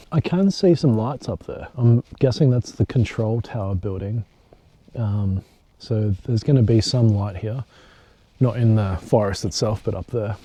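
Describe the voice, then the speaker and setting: Aussie bloke talking to his camera out in the bush, mellow low-key voice, jokes around and swears a bit. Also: no echo. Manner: chatty, joking, swears casually. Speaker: hiking vlogger. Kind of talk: casual solo vlog to camera. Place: outdoors in bush at a campsite.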